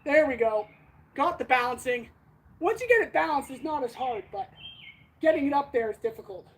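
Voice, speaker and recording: A woman's voice: sits high, expressive, moderate pace, a little hiss or hum. A woman hosting a casual livestream, winded as she talks between sword swings and answers viewers. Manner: chatty, answers viewers directly. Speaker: blacksmith livestream host.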